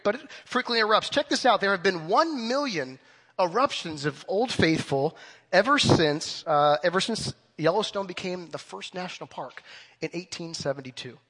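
A man in his thirties preaching in a large church, energetic and joking, asking the crowd questions. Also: high-pitched, long reverb tail. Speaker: pastor. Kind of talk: sermon.

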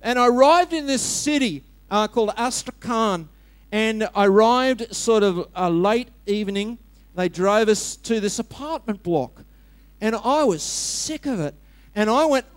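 A man's voice: high-pitched, expressive, measured pace, dry recording. A man preaching a sermon, telling humorous stories and speaking directly to his congregation.

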